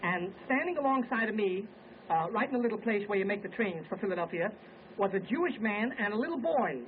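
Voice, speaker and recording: Brief: male vaudeville comic, high voice, snappy joke patter, tinny 1920s record over an orchestra. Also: lively intonation, a little hiss or hum. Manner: wisecracking, brisk joke-telling patter. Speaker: comedian and singer. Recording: tinny early acoustic record with band. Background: orchestra music.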